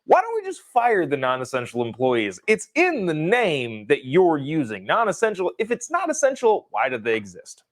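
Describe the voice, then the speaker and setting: Man, political commentary host, sarcastic, opinionated, lively pitch. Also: normal speed, few pauses.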